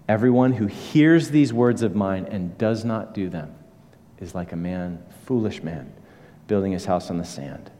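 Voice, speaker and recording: Male pastor, mid-pitched, earnest sermon delivery, hushed then emphatic; reverberant hall. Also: measured pace.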